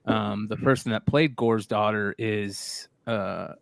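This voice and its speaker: A man's voice: fairly low pitch, fairly even intonation, slow, vocal fry, no echo, studio quality. A man hosting a live stream, chatting casually and rambling with lots of fillers. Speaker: host. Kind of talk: casual chat.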